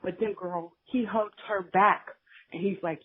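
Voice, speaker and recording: A woman's voice: mid-range voice, fairly even intonation, a little slow, a little hiss or hum. A woman co-hosting a podcast, recapping a drama in casual, gossipy storytelling and acting out the characters' lines. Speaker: podcast co-host. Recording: tinny phone line.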